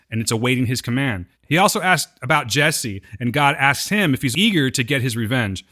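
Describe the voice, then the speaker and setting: A man's voice: medium pitch, sharp tone. A man co-hosting a podcast who casually retells TV scenes, joking as he goes. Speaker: podcast co-host. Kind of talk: casual recap chat.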